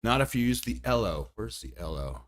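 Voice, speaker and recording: A man with a lowish voice talks loosely over his gameplay stream, chatting with his viewers. He thinks out loud and laughs at himself along the way. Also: sing-song, a little fast. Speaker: livestreamer. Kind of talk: casual gameplay commentary.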